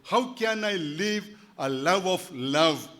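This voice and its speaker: A man's voice: high voice, expressive, slow, a bit bright. A man, preaching a church sermon earnestly and repeating key phrases for emphasis. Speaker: pastor.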